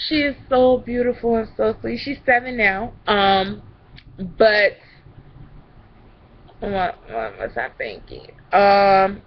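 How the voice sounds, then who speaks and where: A woman's voice: medium pitch, animated, slow, pauses often, muffled recording. A young woman telling rambling stories in a casual vlog, drifting from one tangent to the next. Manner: chatty, rambling, goes off on tangents. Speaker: vlogger.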